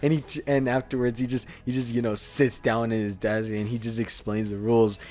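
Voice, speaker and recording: A man's voice: medium pitch, level tone, brisk, darkish tone. A young man co-hosting a podcast, telling a story in a rambling, casual way with lots of fillers and bursts of laughter. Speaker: podcast co-host.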